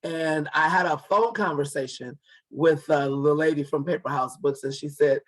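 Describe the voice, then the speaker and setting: A man's voice: on the high side, steady tone, moderate pace. A man in his forties, an author and guest, telling a story casually and acting out the dialogue with many restarts. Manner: acts out quoted dialogue, repeats and restarts words.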